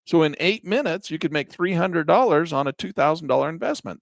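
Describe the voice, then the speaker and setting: A middle-aged man giving a chatty screen-share lesson on day trading, calm in his explanations but now and then breaking into excited exclamations. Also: on the high side, brisk, creaky, hardly any pauses, no echo.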